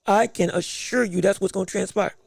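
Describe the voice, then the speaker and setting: A man's voice: high-pitched, a little fast, creaky, slightly rough, no room sound. A man hosting a podcast, giving emphatic live fight commentary with repeated phrases and joking banter with the chat. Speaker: podcast host.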